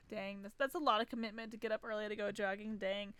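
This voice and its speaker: A woman's voice: mid-range voice, little pitch movement, fairly quick, fairly bright tone, clear, resonant tone, dry recording. A young woman streaming a visual novel, giggling, gushing and chatting casually. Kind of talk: casual game playthrough commentary.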